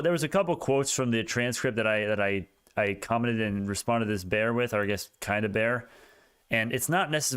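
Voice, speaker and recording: A young man hosting a casual stock market livestream, talking in an excitable, rambling way with many restarts. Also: mid-range voice, smooth.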